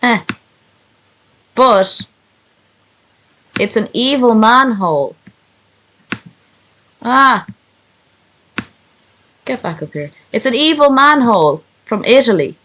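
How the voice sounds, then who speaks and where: A woman's voice: fairly high pitch, lively intonation, slow, pauses often, fairly bright tone, rough recording. Woman streamer, casual and sweary, pokes fun at herself. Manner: sweary, self-mocking. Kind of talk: casual stream chat and reading aloud.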